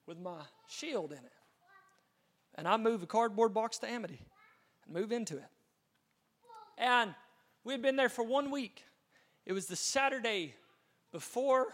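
A man preaching from the pulpit, his voice high and bright with a sharp edge. He tells his testimony earnestly and dramatically, often restarting mid-sentence as the story builds. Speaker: pastor. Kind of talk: storytelling sermon.

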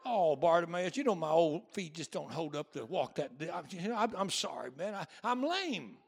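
A man's voice: fairly high pitch, sing-song, moderate pace, creaky, slightly rough, exaggerated voice. A man voicing a lame old beggar, a slangy, chatty friend who gossips and fusses. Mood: apologetic.

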